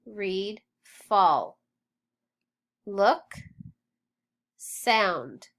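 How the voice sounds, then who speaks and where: Slow, patient woman teaching phonics. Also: mid-range voice, lively intonation, fairly bright tone. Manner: slow, deliberate, spells out sounds; patient, encouraging.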